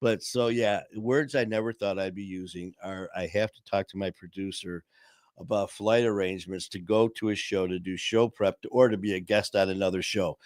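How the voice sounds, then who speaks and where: A middle-aged man hosts a podcast in a low, darkish voice with fairly even intonation and a moderate pace. He tells anecdotes casually, laughs a lot, and performs the voices. The studio sound is clean, with no room sound.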